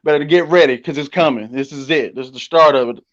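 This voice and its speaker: A man calling into a live debate stream, combative and full of conspiratorial warnings. He talks fast in a high voice, heard through a dull, lo-fi connection. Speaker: caller. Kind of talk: heated live call-in debate.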